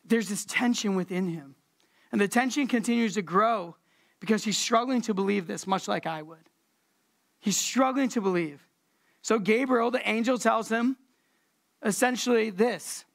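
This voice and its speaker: A woman preacher giving a casual, conversational sermon, relaxed and slangy, repeating words for emphasis. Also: a little high, moderate pace, creaky.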